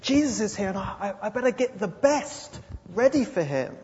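A man voicing a frazzled, resentful young woman who is bossy and complains in shrill, indignant outbursts. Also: expressive, normal speed, a little mellow, a little hiss or hum. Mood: flustered. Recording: dull lo-fi sound with long hall reverb.

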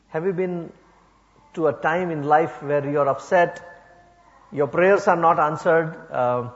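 Male preacher from India, halting then fervent, muffled recording. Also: medium pitch. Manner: many fillers and restarts, rising to impassioned emphasis. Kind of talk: sermon. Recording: muffled sound with long hall reverb.

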